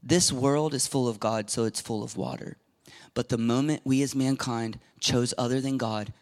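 A middle-aged man preaching a sermon as pastor, emphatic and animated, acting out quoted voices and dropping at times to a whisper. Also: mid-range voice.

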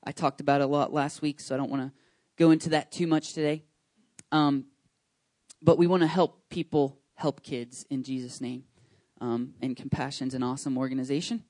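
A man's voice: mid-range voice, normal speed, no room sound. A pastor in his thirties making casual, rambling church announcements with lots of fillers and an enthusiastic tone. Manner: chatty, rambling with many fillers and restarts; enthusiastic, excitable. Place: church service.

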